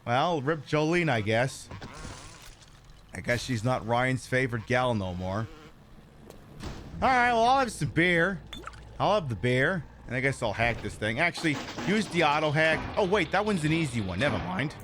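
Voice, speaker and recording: Animated sarcastic male game streamer. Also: medium pitch, moderate pace, a little hiss or hum. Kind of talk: let's play commentary.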